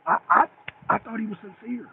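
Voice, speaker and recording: A man's voice: high voice, fairly even intonation, fairly quick. A man hosting a casual livestream talk show, rambling and calling out chat viewers by name as he repeats himself. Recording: tinny phone-like audio with faint noise.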